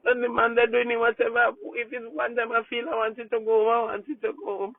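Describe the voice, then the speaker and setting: Woman, pastor, crying, halting and repetitive, prayerful, talking from a car, tinny phone sound, dry. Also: fairly high pitch, monotone, dry recording. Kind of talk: tearful personal update to her congregation. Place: in a moving car on the road.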